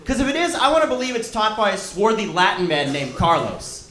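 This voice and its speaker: Canadian male club host, loose profane stand-up, high voice, roomy echo. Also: big pitch swings, a little fast, a little hiss or hum. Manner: loose, swearing, loud crowd-hyping. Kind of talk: stand-up comedy set. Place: comedy club.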